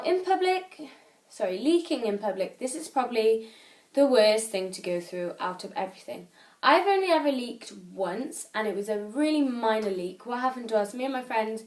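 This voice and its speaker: A teenage girl from the UK chatting casually into an iPad camera at home, rambling and correcting herself as she gives advice. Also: a little high. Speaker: vlogger.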